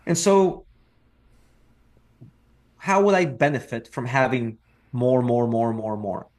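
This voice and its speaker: This middle-aged Russian man, a real estate investor, is a guest on a podcast in a casual interview. His medium-pitched voice is a little mellow and animated, and he speaks slowly, reflecting, repeating words, and making dry jokes.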